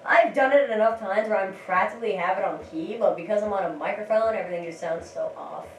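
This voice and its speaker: Recorded on a distant mic in a roomy space with faint background noise, a woman gives rambling, giggly commentary as she plays a video game. She speaks fast in a mid-range voice and restarts her sentences many times, in a casual let's-play style.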